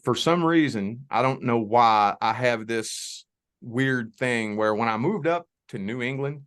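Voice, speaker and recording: Slightly slow, with a mid-range voice, this Southern-accented spiritual reader from around Southern Indiana and Louisville, Kentucky chats casually as an interview guest. He often restarts by repeating his opening words and drops plenty of "you know"s.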